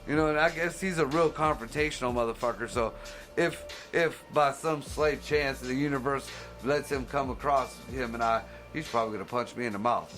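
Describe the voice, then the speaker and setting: A man hosting a show, ranting casually, swearing constantly, laughing and bursting into loud shouts. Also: medium pitch, brisk, faint music behind. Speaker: podcast host. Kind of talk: profane casual rant.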